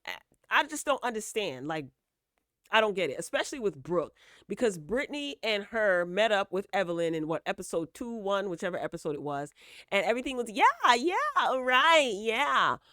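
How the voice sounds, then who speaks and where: A woman's voice: medium pitch, very animated, fairly quick, a bit bright, no echo, studio quality. A woman giving a casual, opinionated recap of a reality show, chatty and blunt, tagging her points with "okay?" and "right?". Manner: sassy, blunt asides.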